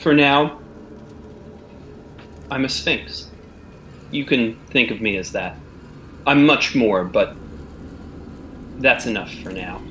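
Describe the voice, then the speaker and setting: Man voicing a sphinx: scornful, snarling, bright and forceful tone. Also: medium pitch, slow pace, pauses often, a little hiss or hum. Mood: cold. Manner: snarling through gritted teeth.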